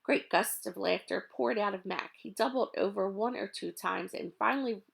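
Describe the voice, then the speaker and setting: A woman reading a children's chapter book aloud in a lively, expressive way. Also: medium pitch, moderate pace, creaky, husky. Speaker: reader. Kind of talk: storybook read-aloud.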